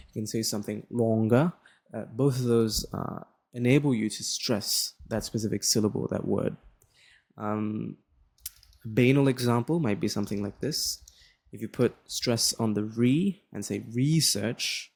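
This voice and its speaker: Gravelly young tutor. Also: male voice, lowish voice. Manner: relaxed, repeats "right?" and "uh" often. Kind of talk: casual explanatory lesson.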